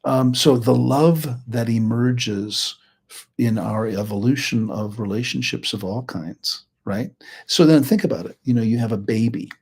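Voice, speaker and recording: A man's voice: mid-range voice, a little slow, gravelly, a little mellow, slightly rough. A middle-aged man hosting a live teaching talk, chatty and rambling, with joking asides. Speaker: host and healing practitioner.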